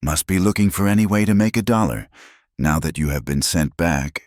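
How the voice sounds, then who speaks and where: A man's voice: low-pitched, animated, fairly quick, no echo, studio quality. A man voicing a taunting, drunk ranch hand in a spoken western story.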